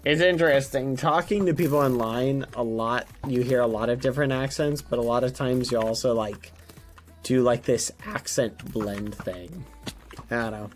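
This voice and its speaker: A man's voice: mid-range voice, normal speed, soft background music. A young American man chatting casually on a livestream, meandering with lots of fillers. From United States. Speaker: streamer.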